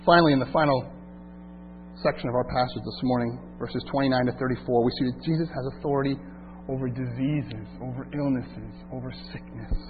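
A man's voice: medium pitch, steady tone, brisk, faint music behind. A male pastor preaching a sermon, asking rhetorical questions of his congregation. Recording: tinny phone-like sound with hum.

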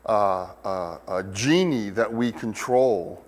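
A man's voice: lowish voice, slow. A man preaching a sermon in a conversational way, with many fillers and sudden emphatic peaks. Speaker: pastor. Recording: long hall reverb.

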